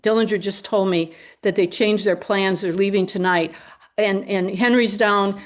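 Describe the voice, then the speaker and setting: A woman voicing a panicked middle-aged female resort owner, who talks fast and stammers. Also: mid-range voice, fairly even intonation, natural voice. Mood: frantic.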